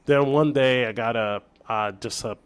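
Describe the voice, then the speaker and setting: A man from Brazil, a chef guest on an interview show, telling a story in casual chat with lively restarts and acted-out dialogue. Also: mid-range voice, normal speed, clear, resonant tone. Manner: animated storyteller, acts out quoted dialogue, many restarts.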